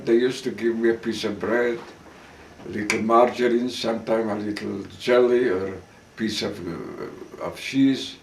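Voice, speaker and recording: An older man giving oral history testimony as a survivor, telling his story slowly and haltingly with restarts and occasional coughs. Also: medium pitch, recorded from a distance, slight background noise. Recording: roomy sound, speaker off-mic.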